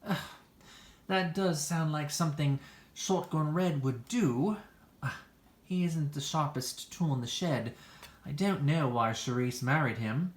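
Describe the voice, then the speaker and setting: A smooth-talking, flirtatious man gushes in a low, theatrical voice, as a woman acts him. The hobby voice drama is recorded in an echoey room. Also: unhurried. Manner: theatrical, gushing.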